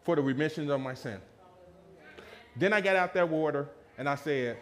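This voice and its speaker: A man preaching a lively sermon, telling a personal story and acting out quotes with laughter. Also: a little high, normal speed. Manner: animated, laughing, acts out quotes in a raised voice.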